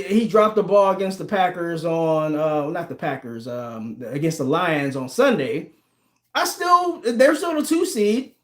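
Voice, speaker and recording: Chatty forty-something man, high voice. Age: 40s. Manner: chatty, laughs often, banters with chat. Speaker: livestream host. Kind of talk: casual livestream chat, reading viewer comments. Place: home room with a team flag behind. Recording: echoey room.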